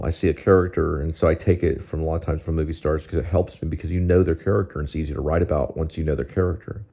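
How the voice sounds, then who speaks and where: A man's voice: low-pitched, mellow. A man vlogging at home, casually rambling about a movie, drifting off topic and groping for actors' names. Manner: rambling, digressive, gropes for names. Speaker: vlogger host. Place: at home near a TV.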